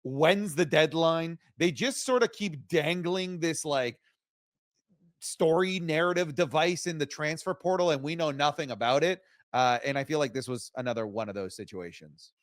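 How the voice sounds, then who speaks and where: A man's voice: fairly high pitch, moderate pace, no echo. Opinionated man co-hosting, dry sound. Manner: opinionated, animated. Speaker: co-host. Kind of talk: casual wrestling review show.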